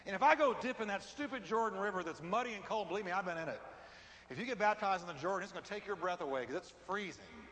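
A man's voice: high-pitched, expressive, fast. A man preaching a sermon, emphatic and repetitive, building his lines for stress. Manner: emphatic, repeats lines for stress, rising to shouts. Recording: reverberant hall with faint ambience.

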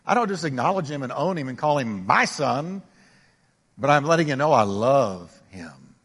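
An older male pastor delivering a sermon, swinging between emphatic raised exclamations and quiet, intimate asides. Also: medium pitch, sing-song, normal speed, slightly rough, big-room sound. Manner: preaching with rising emphatic exclamations.

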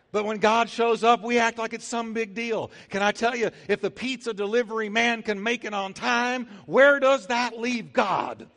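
A male pastor preaching a sermon with emphatic swings between loud and soft, acting out little scenes in comic voices. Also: sits high. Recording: long hall reverb.

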